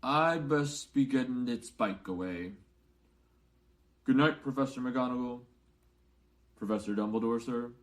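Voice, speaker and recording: A man's voice: high voice, a little slow, few pauses, voice pushed up. A man voicing a huge, weepy half-giant man who stammers and sobs as he speaks. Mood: muffled. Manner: sobbing, stammering.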